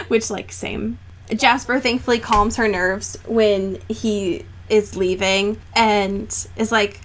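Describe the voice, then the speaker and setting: A woman co-hosting a casual podcast chat, recapping a novel chapter by chapter. She talks in an animated, sarcastic way and swears and laughs often. Her pitch sits at an ordinary middle height for a woman. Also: slow pace, slight background noise. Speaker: podcast co-host.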